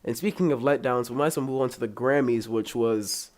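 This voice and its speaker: A man's voice: medium pitch, brisk, darkish tone. A young man hosting a podcast on his own, rambling through casual, joking chat with some swearing. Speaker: podcast host.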